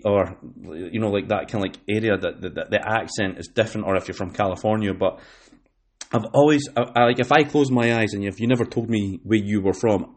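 Scottish guy hosting a chatty podcast, lowish voice, rambles and restarts a lot. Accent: Scottish, West Lothian. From Scotland. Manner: rambling, many fillers and restarts. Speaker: podcast host. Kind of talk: casual chat.

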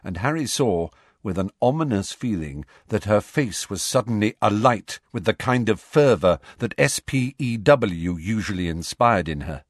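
A man narrating an audiobook with an expressive, lively reading. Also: lowish voice, normal speed, no room sound, clean studio sound. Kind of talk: scripted narration.

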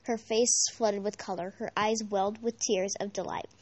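A woman narrating a novel aloud in an amateur reading, measured, with occasional slips and restarts. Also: mid-range voice, fairly even intonation, breathy edge. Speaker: audiobook reader.

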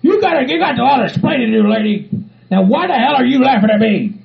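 A man doing a raspy, high-pitched hillbilly ranter. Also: sing-song, fast, muffled recording, noisy background, heavily acted. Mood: furious. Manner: rambling, peppers talk with "by God", bursts into shouting. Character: rowdy hillbilly man checking into an asylum.

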